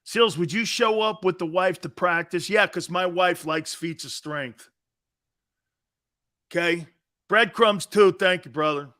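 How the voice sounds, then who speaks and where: A middle-aged man hosting a sports talk show, ranting and bantering loudly in a casual way. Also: high-pitched, measured pace. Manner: loud, animated, bantering rants.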